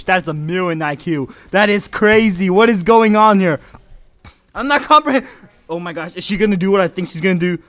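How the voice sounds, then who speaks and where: A man with a high-pitched voice calls a mobile game match on his livestream. He swings from low mutters to hyped shouting and fills it with crude jokes and exclamations.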